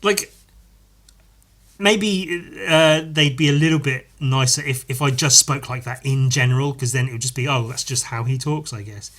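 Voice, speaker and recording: Bright-voiced man rambling on his podcast. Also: mid-range voice, normal speed. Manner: rambling, self-correcting, swears freely. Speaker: podcast host. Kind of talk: casual solo podcast monologue.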